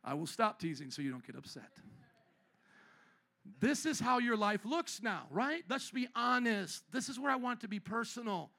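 Bright-voiced, playful preaching man. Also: extremely high pitch, moderate pace, creaky. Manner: playful, teasing, animated preaching. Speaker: pastor. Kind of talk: sermon. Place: church sanctuary.

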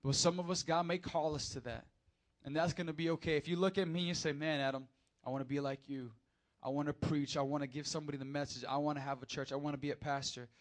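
This young pastor delivers an easygoing, spirited sermon to his congregation, dropping into quiet asides and then rising to loud peaks. He talks fast with a higher-leaning pitch and barely pauses at all.

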